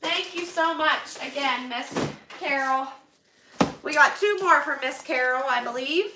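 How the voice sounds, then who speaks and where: A chatty American woman with a high voice talks slowly and easily, full of gasps of delight and laughter. She sits back from the microphone in a roomy, echoing space with steady noise underneath. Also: recorded from a distance. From Pennsylvania, USA. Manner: chatty, bubbly, exclaims often, laughs a lot. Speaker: vlogger opening donations on a livestream. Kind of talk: casual livestream chat. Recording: echoey room, voice away from mic, background noise.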